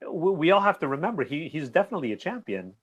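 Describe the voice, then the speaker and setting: A man guesting on a boxing talk show, rambling in an animated way and laughing easily. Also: on the high side, very fast, breathy edge. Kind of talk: casual boxing recap chat.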